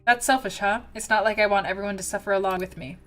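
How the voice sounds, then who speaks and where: A woman reading the lines of a sad, quiet young shrine maiden girl from a story game, in a soft, subdued way. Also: mid-range voice, fairly even intonation, fast, soft background music, lightly acted. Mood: wistful.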